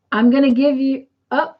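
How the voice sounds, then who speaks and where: A woman hosts a casual livestream, chatting and reading out viewer comments. She speaks slowly with a slightly high voice. The sound is a bit dull and lo-fi. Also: husky. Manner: chatty, says "y'all", reads comments aloud. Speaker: livestream host. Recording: slightly dull lo-fi stream audio.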